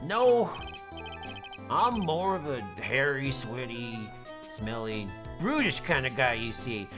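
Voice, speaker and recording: A hulking, sweaty brute of a man, shy and soft-spoken beneath the bulk, as a woman reads him aloud while playing. The voice sits low and a little sheepish. Game music plays steadily underneath. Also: big pitch swings, slow, heavily acted. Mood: bashful. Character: hairy brutish gentle man, actor.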